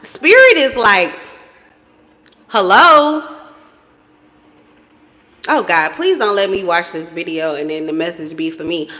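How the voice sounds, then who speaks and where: A woman giving a casual tarot reading to camera, blunt and profane, breaking into sudden high exclamations. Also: lively intonation, moderate pace, few pauses, bright, forceful tone. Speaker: tarot reader. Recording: reverberant room.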